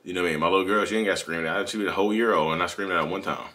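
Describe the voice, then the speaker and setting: A man's voice: sits low, racing, pushed and bright. A man, hosting a candid, rambling confessional monologue and often correcting himself. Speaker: channel host.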